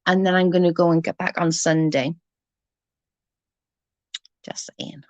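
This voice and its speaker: A woman's voice: on the low side, little pitch movement, a little fast, darkish tone, no echo. A woman in her forties with a Newport Welsh accent, ranting casually in a blunt, sweary and sarcastic way. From Wales. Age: 40s. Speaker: vlogger.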